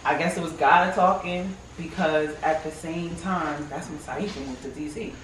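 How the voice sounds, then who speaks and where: A woman from New York shares her story in a circle with feeling and lively storytelling, acting out her own past remarks. Her voice carries around a roomy space and is picked up from a few steps off the mic. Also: deep voice, moderate pace, noisy background. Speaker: team member sharing her story. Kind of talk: emotional personal testimony in a group circle. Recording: roomy, from a distance.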